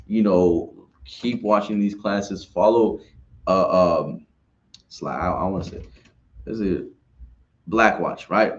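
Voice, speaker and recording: A man's voice: deep voice, slow pace, pauses often, highs cut off. A man giving an informal religious class talk, rambling and repeating himself, often asking "right?". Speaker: class speaker.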